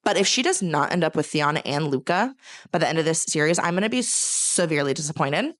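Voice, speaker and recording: A young woman from California talks casually about her month's reading. Her voice sits on the low side, and the sound is close and dry. She rambles with constant filler words and swings between dramatic gushing and ranting. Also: expressive, brisk, dry recording. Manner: chatty, rambling, heavy use of filler words. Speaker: book reviewer. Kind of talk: casual chat.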